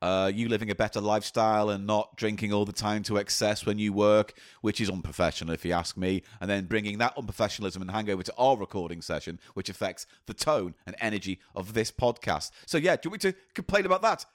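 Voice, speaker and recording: A man co-hosting a podcast, teasing his partner with dry, deadpan put-downs. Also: lowish voice, quick pace, hardly any pauses. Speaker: podcast co-host. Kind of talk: casual banter.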